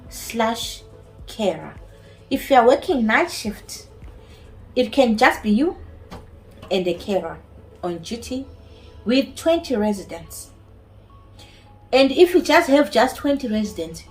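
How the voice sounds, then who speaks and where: A woman's voice: mid-range voice, poor audio. A woman with a non-native English accent, a care home nurse speaking earnestly and emphatically in a personal vlog. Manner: earnest, emphatic, repeats key phrases. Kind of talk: personal vlog talk to camera.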